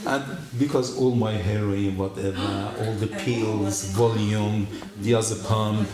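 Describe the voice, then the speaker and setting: A man giving his personal testimony at a church, telling his story in an animated way and acting out the dialogue. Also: on the low side, takes it slowly, music in the background. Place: church hall. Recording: echoey room.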